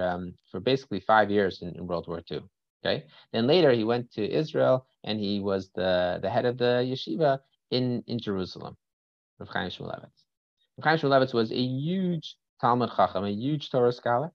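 Gravelly-voiced man teaching a story-filled lesson. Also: fairly low pitch, dry recording, lo-fi sound. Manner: checks in with listeners through frequent "right?" and "okay?"; restarts phrases while thinking aloud. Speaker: Torah teacher.

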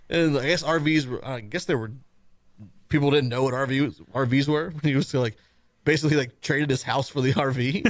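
A man's voice: fairly high pitch, dry recording. A man hosting a casual radio show, running segments and chatting in an easygoing way.

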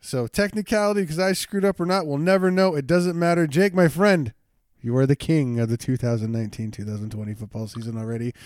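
A man's voice: fairly high pitch, normal speed, darkish tone, dry recording, clean studio sound. A young man co-hosting a casual sports podcast, jokey and hyped, repeating phrases for effect. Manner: jokey, hype-driven, repeats himself. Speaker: podcast co-host.

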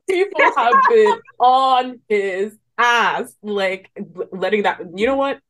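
A woman's voice: fairly high pitch, slow pace. Candid young woman podcast co-host. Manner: candid, animated, ranting with laughs. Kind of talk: casual podcast chat.

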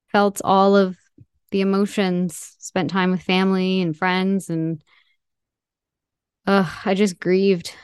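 A woman telling a personal story as an interview guest, reflective and halting, often restarting her sentences. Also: fairly low pitch, dry recording, studio quality.

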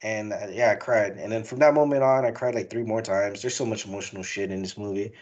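A man's voice: fairly low pitch, fast talker, a little mellow, dull audio. A young man hosting a casual movie review podcast, talking in a rambling, profane, emotional way. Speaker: podcast host.

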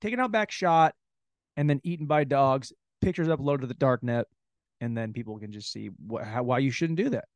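A man's voice: medium pitch, brisk, no room sound. Crude, rambling man hosting a comedy podcast. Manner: crude, rambling, animated storytelling. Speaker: podcast host. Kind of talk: solo comedy podcast monologue.

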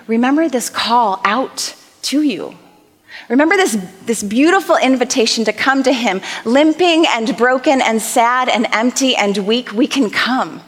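A woman's voice: on the high side, fairly bright tone, long reverb tail. A young adult woman preaching a sermon in a church, earnest and conversational, reading scripture aloud. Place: church auditorium.

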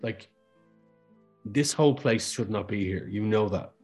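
A man's voice: lowish voice, a little slow, darkish tone, breathy edge, faint music behind. A man narrating as game master in a casual way, with restarts and the odd swear word.

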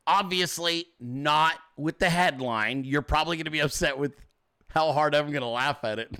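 A man's voice: a little high, normal speed, pushed and bright, clear, resonant tone. A man hosting a casual livestream, mocking and profane, laughing often and switching into sarcastic put-on voices. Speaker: host.

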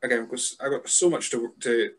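Brief: male podcast host, mid pitch, friendly banter, stop-start delivery. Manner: friendly, joking asides, halting restarts. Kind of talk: casual podcast chat.

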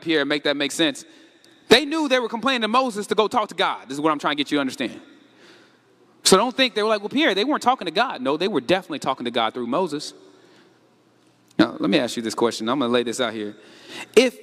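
A man preaching a sermon with animated rhetorical questions, casual slang, and a conversational pull on the congregation. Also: sits high, long reverb tail.

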